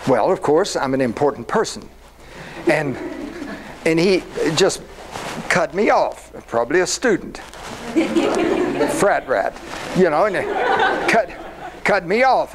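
Older man, storytelling talk, high lively voice, faint noise behind. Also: a little slow, long pauses, rough recording. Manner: animated, personal storytelling. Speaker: speaker.

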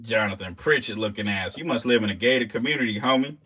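Fast and forceful, this snake keeper's fairly low, bright, slightly rough voice fills a casual vlog shot on a handheld camera that's sometimes set down. He swears, jokes, and laughs at his own gags. Throughout the feeding he talks to the snakes and mice.

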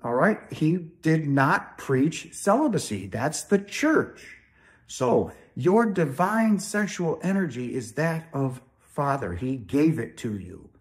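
A man's voice: on the high side, very animated, takes it slowly. Emphatic man giving a spiritual talk. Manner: emphatic, preachy, keeps asking "right?". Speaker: spiritual video host. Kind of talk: informal spiritual talk to camera.

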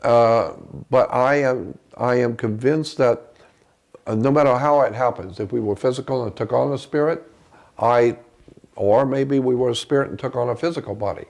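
A man being interviewed as a guest, earnestly recounting a personal story in a halting way, often restarting his sentences. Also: medium pitch, gravelly, a little mellow.

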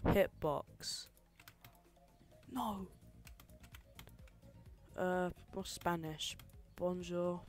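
Low-voiced woman streamer, unhurried. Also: soft background music. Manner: reactive, exasperated, chatting with viewers. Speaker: streamer playing level requests. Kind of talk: casual live-stream commentary.

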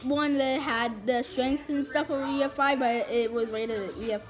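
A woman's voice: high-pitched, steady tone, normal speed, over music. A woman in a casual family chat, earnestly explaining facts in detail. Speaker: family member at the gathering.

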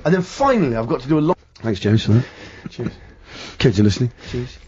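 A man's voice: medium pitch, animated, a little fast, a little mellow, slightly rough. A man hosting a radio show, telling a rambling story and mimicking the sounds and voices in it. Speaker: radio host. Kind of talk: casual chat. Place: radio studio. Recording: dull radio broadcast audio.

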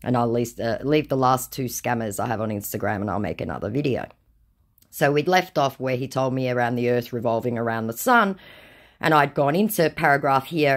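A woman's voice: extremely low pitch, expressive, fairly quick. A woman hosting a scambaiting channel, reading chat logs aloud with dry, sardonic, offhand commentary.

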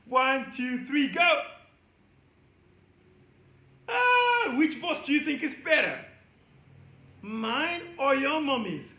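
A man's voice: very high voice, sing-song, slow, sharp tone, reverberant. A man teaching young children at church, playful and coaxing as he talks straight to the kids. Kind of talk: lively lesson for young kids.

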